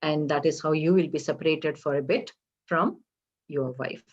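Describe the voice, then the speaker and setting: A woman retelling a Hindu legend for a temple program, halting and explanatory, often pausing to ask her listeners questions. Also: sits low. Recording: slightly dull lo-fi recording.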